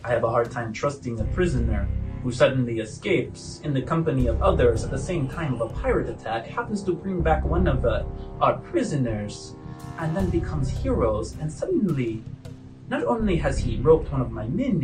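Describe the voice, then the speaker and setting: A man voicing a stern, suspicious female dwarf prison warden, distant from the mic with loud music behind. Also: medium pitch, very animated, moderate pace, natural voice. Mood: accusing. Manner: suspicious, coolly menacing, falsely sweet.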